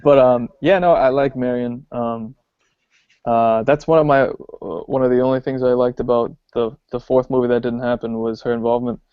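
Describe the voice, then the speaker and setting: A man co-hosting a podcast, talking casually about films with many pauses and ums. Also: mid-range voice, clear, resonant tone, dry recording. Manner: relaxed, hesitant with many ums. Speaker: podcast co-host. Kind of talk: casual film discussion. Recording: dull lo-fi podcast audio.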